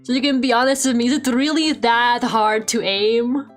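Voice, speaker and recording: High-voiced Russian-accented woman streamer, animated. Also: moderate pace, faint music behind. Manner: animated, swears a lot, laughs often. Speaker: VTuber streamer. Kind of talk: casual live-stream chat while drawing. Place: home room.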